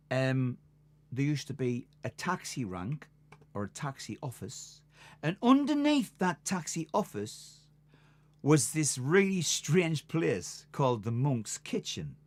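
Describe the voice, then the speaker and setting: An older man, a musician hosting a live stream, telling rambling stories between songs and laughing at them. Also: medium pitch. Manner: chatty, rambling, laughs at his own stories. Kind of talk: casual storytelling between songs.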